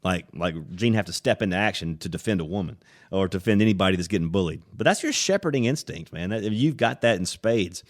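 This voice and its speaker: Animated male podcast host telling stories. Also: fast. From United States. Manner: animated storyteller, acts out voices with loud high-pitched impressions. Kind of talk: casual storytelling chat.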